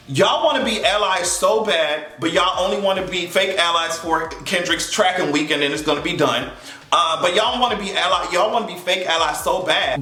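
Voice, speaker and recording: High bright-voiced man ranting sarcastically. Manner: heated, sarcastic, profane, mocking voices of others. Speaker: vlogger. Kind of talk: casual opinion rant to camera. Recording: echoey room with faint music.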